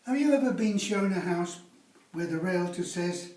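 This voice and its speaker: A man's voice: high-pitched, expressive, moderate pace, darkish tone. A man teaching a sales class, lecturing with teasing rhetorical tag questions. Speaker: sales instructor. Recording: roomy, from a distance.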